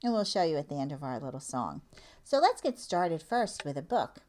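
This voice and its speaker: A woman children's librarian leading a storytime for young children, talking and singing in an animated sing-song way, with gasps and animal sounds. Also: low-pitched, normal speed.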